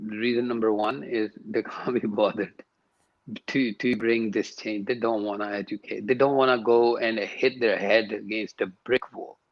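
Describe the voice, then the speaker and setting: A man's voice: on the low side, fairly even intonation, normal speed, dull audio. A man, a yoga and sound teacher, speaking emphatically as a guest in an interview and repeating words to stress his points. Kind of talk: interview conversation.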